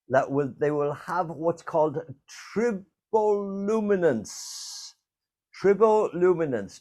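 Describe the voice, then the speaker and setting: A man's voice: a little high, fairly bright tone. An older man hosting a playful true-or-false quiz over a video call, teasing his guests and laughing often. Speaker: quiz host.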